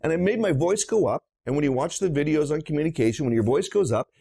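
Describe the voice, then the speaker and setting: A man's voice: fairly high pitch, lively intonation, fast talker, creaky, dark tone, husky. A middle-aged man, a dentist, lecturing bluntly on practice finances with emphatic storytelling and rhetorical questions.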